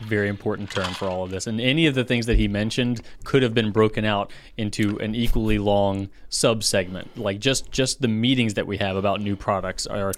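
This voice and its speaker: A man's voice: lowish voice, fairly even intonation, fairly quick, few pauses, no echo. A man co-hosting a casual podcast, speaking earnestly and precisely, often restarting phrases. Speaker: podcast co-host.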